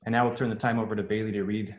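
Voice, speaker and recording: A middle-aged man speaking on a video call, introducing his young daughter and then reading a foreword aloud, earnest and relaxed with frequent fillers. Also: on the low side, rapid-fire, roomy sound. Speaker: parent introducing a young author.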